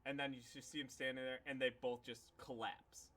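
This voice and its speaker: Bright-voiced male game master. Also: medium pitch, flat delivery, brisk. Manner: loose, filler-heavy storytelling. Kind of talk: narrating a tabletop game.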